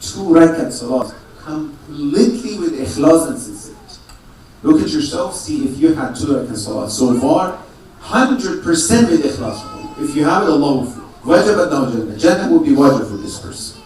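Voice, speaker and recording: In a strongly echoing prayer hall, a man with a slightly high voice delivers a sermon to his congregation, recorded from far away with faint room noise. He is very animated, a little mellow, and speaks at a moderate pace. He poses rhetorical questions, answers them himself, and keeps circling back to the same phrases.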